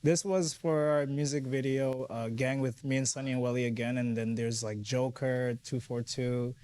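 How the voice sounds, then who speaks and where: A man's voice: medium pitch, steady tone, moderate pace, warm tone. A man from the Caribbean, a guest musician, chatting in an easygoing interview with lots of "like" and "you know.". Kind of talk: casual interview chat.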